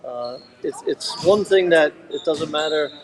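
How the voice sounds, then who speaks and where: Plainspoken Rhode Island mayor, slightly high voice, loud crowd behind. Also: male voice, unhurried. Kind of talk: casual interview answer.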